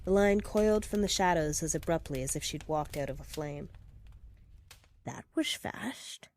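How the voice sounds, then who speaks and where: A woman narrating first-person fiction in a steady, measured reading. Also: sits low, slight background noise.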